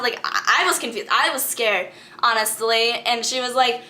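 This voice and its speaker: Teen girl, bright sharp tone, fairly high pitch, dramatic and complaining, lots of "like". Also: a little fast, a little hiss or hum. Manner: dramatic, complaining, filler "like" talk. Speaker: student explorer in a school skit. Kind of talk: amateur skit, casual chat.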